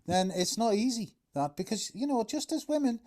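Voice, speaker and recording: A man with a Geordie accent co-hosting a casual chat, rambling and halting, filling his stories with "you know". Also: high-pitched, expressive, mellow. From North East England. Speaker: co-host.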